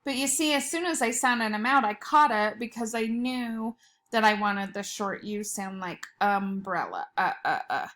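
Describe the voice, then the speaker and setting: Slow, patient woman teaching spelling. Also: a little high, a bit bright. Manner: slow, patient, sounding out words letter by letter. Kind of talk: spelling lesson for young students.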